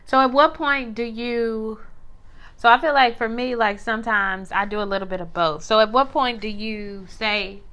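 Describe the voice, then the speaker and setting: Mom co-host, bright sharp voice, high, teasing and playful. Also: female voice, moderate pace, clear, resonant tone. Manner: teasing, playful, country-talking. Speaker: podcast co-host. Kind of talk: casual chat.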